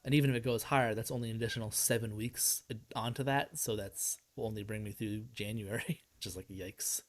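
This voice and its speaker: Young guy streaming, stressed out, rambly, laughs a lot, kinda low voice. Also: fairly even intonation, a little fast. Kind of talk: casual live-stream chat.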